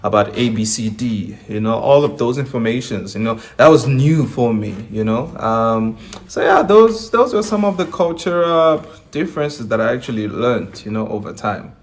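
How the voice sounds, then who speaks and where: A young man with a Nigerian accent, talking casually as an interview guest, laid-back and quick to laugh, dropping slang into his speech. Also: medium pitch, lively intonation.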